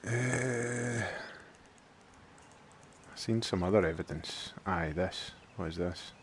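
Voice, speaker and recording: Chatty streamer with a very deep voice. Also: male voice, slow, slight background noise. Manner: chatty, joking, thinks aloud. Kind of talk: casual let's play commentary.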